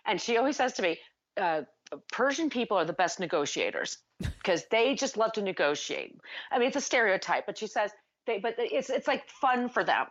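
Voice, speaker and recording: Animated woman podcast host, lo-fi sound. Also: mid-range voice, normal speed. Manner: animated, acts out movie characters with shouting. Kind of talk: casual chat.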